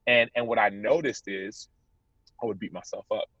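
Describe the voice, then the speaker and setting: A man's voice: fairly low pitch, fairly even intonation, moderate pace, a bit bright, husky, no echo. Earnest man on a dull, dry line. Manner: earnest, retells dialogue with rising voice. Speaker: podcast guest, football linebacker and speaker. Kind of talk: candid interview storytelling.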